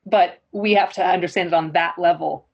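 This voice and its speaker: A woman's voice: lowish voice, steady tone, brisk, gravelly, slightly rough, dull audio. A woman host chatting in a thoughtful, conversational way. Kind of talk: casual chat.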